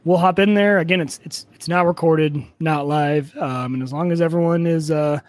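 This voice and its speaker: A man co-hosting a gadget podcast in casual chat, relaxed and conversational, with frequent fillers. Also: a little high, normal speed. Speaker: podcast co-host.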